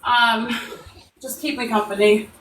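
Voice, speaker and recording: A woman in her thirties chatting on a live stream from her workplace, laid-back and unhurried. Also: fairly high pitch, fairly even intonation, a bit bright. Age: 30s. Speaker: livestream guest. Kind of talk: casual chat on a live stream. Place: at her workplace, in an empty room. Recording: echoey room, distant from the mic, faint noise.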